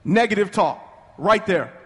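High-voiced man preaching in a reverberant hall. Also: expressive. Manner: fervent, call-and-response, rapid bursts with restarts. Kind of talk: sermon.

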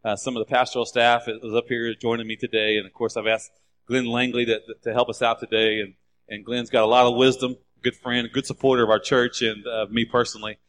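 A man's voice: medium pitch, little pitch movement, fairly quick, a bit bright. A male pastor giving a chatty, joking sermon to his congregation.

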